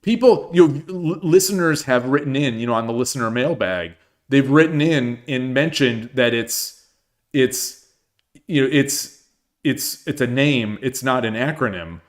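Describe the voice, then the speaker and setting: A man's voice: mid-range voice, lively intonation, unhurried. A middle-aged man chatting casually on his livestream, rambling with many restarts and fillers. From United States. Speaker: streamer.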